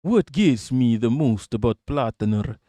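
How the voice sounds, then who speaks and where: A man's voice: mid-range voice, animated, measured pace, dark tone, dry recording, clean studio sound. Sarcastic, swearing male streamer. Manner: sarcastic, profane, talks back to chat. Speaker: streamer reacting to a clip and chat. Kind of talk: casual live-stream commentary.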